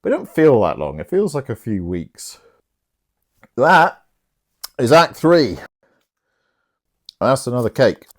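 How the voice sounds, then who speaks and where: A man's voice: mid-range voice, very animated, slow, pauses often. Young bloke rambling through a story casually, lots of up and down in his voice. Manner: chatty and irreverent, swearing, acting out lines. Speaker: channel host. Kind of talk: casual plot retelling.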